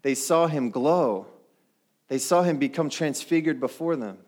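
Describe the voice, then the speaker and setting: A man's voice: on the high side, measured pace, darkish tone. A middle-aged male pastor preaching a sermon in a conversational way, often putting questions to the congregation.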